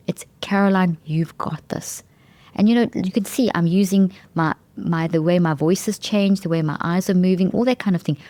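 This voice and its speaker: A woman's voice: on the low side, mellow, no echo. A woman hosting a talk show, explaining brain science in an enthusiastic, emphatic way and often restarting phrases mid-sentence. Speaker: podcast host.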